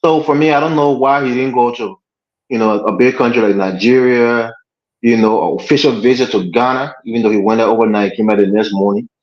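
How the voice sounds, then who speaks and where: Guy arguing on a political panel, echoey room, kinda dull lo-fi sound. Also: medium pitch. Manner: measured, argumentative. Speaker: panel host.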